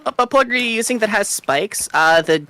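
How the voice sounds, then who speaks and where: A young woman streaming a game, chatting casually and swinging between loud outbursts and quiet mumbles. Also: medium pitch, expressive, moderate pace. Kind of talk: casual chat while gaming.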